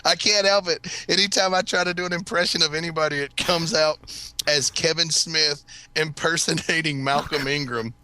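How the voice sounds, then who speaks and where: Foul-mouthed man with a very bright voice. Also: fairly high pitch, steady tone, normal speed, dry recording. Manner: profane, rambling storyteller who laughs often. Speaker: podcast host. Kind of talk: casual chat.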